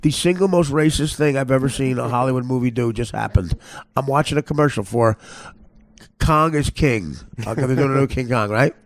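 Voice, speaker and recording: A man's voice: mid-range voice, a little fast, no echo. A man hosting a podcast, telling crude comic stories in a rambling, stammering way and laughing at his own jokes. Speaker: podcast host. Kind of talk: crude comedic storytelling.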